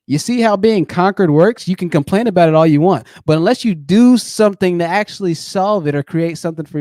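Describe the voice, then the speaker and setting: A man hosting a call-in debate stream, mocking and pressing his caller with fast repeated words. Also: fairly high pitch, warm tone, dry recording, clean studio sound. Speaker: channel host.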